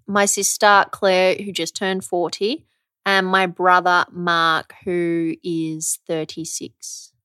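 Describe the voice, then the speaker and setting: A woman's voice: on the low side, flat delivery, slow, bright, forceful tone, clear, resonant tone, no room sound. Young woman, chatty and teasing, casual podcast talk, dry close sound. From Australia. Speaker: podcast co-host. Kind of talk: casual chat.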